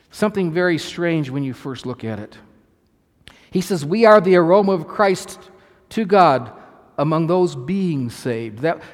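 A man's voice: on the high side, long reverb tail. A man preaching a sermon as pastor, earnest and emphatic, restarting phrases as he explains scripture.

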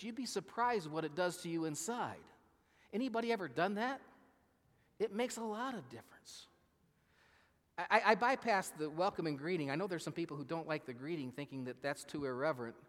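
A man's voice: fairly high pitch, big-room sound. A male pastor giving a conversational sermon, often asking his congregation questions. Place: church sanctuary.

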